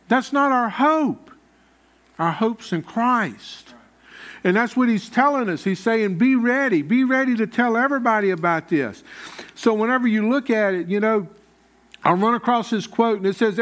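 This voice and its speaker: A pastor with a high, somewhat bright voice delivers a sermon. His preaching is folksy and conversational, aimed directly at the congregation.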